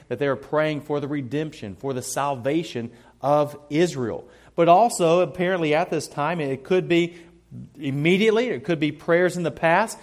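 A man preaching a sermon, earnest and emphatic, often repeating words as he starts a thought. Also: a little high. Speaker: pastor.

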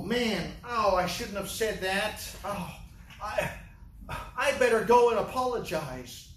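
A man's voice: high voice, a bit bright, pitched above the performer's own voice. A man acting out a fretful, groveling man who stammers apologies, in an echoey room away from the mic. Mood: panicked. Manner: stammering, pleading, flustered. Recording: echoey room, distant mic, faint hiss.

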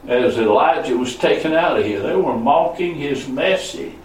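Male pastor mid-sermon, mid-pitched voice, dramatic swings in volume, captured from across a reverberant room. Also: animated, normal speed, slight background noise. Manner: preaching with sharp swings between loud high calls and low murmurs. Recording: echoey room, voice from a distance.

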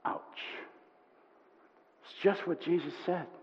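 A male pastor delivers a sermon in a high, carrying voice that drops to a hush and then climbs into passionate build-ups. His voice rings through a long hall reverb. The recording sounds muffled and lo-fi. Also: slow. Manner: storytelling, swings from hushed to impassioned.

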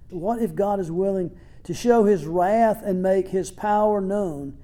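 A man's voice: high-pitched, mellow. A male pastor preaching a sermon in an earnest, emphatic way, often restarting phrases, and closing in prayer.

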